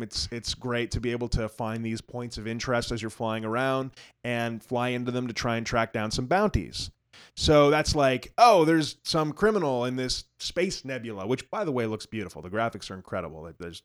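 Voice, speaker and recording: A man chatting casually on a gaming podcast. He rambles, restarts his thoughts and pokes fun at himself, often breaking into laughter. His voice sits at an ordinary middle pitch. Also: clear, resonant tone. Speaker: podcast co-host.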